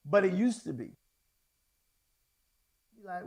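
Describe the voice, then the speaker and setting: Gravelly high-voiced man preaching. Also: very animated, takes it slowly, pauses often. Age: middle-aged. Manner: conversational preaching with sudden emphatic outbursts. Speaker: pastor. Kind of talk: sermon.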